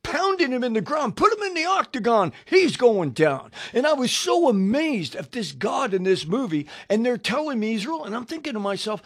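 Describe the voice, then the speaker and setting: An older male radio preacher with a notably high voice for a man. He delivers a personal testimony sermon, animated and storytelling, slipping into the voices of the people in his tale. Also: normal speed, hardly any pauses, slightly rough. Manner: animated storyteller acting out dialogue.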